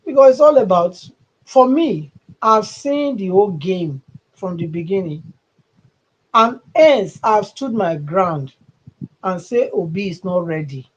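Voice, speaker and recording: A woman's voice: mid-range voice, lively intonation, a little slow, lo-fi sound. A woman with a Nigerian English accent hosting a livestream, giving emphatic, rambling political commentary with a mocking edge. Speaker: channel host.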